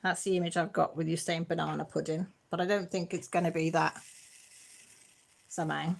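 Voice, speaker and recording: A woman from Britain hosting a casual live chat from home. She reads viewer comments aloud in a playful, easily excited way. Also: lowish voice, fast, gravelly. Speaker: livestream host.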